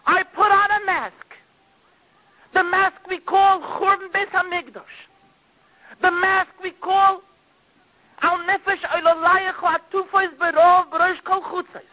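A man with a strikingly high voice delivers a sermon as a dramatic storyteller, dropping to near-whispers and then rising again. The recording is thin and phone-like. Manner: dramatic storytelling, swinging between loud and hushed. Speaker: preacher.

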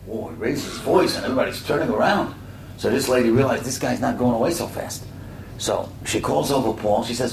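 A man's voice: lively intonation, fairly quick, gravelly. A middle-aged man giving a conversational storytelling sermon, full of asides to his listeners. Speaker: speaker at a religious community talk. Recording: echoey room from a distance, faint rumble.

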